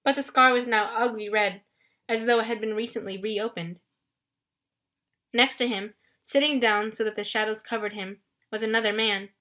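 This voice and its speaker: Brief: expressive woman reading an audiobook, bright and crisp. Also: a little high, moderate pace. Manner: expressive first-person storytelling. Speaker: audiobook narrator. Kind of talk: scripted audiobook narration.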